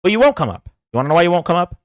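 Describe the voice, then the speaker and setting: This man's voice sits high and comes out very animated and very fast, with no echo. He's hosting a livestream political debate and ranting combatively and sarcastically, taunting viewers to come on and argue with him.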